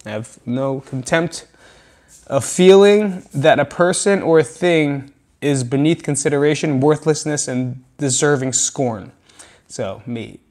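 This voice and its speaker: A man hosting a solo podcast, speaking frankly and with lots of swearing, rambling between low mutters and loud venting. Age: adult with children. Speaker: podcast host. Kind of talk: solo podcast monologue on anger.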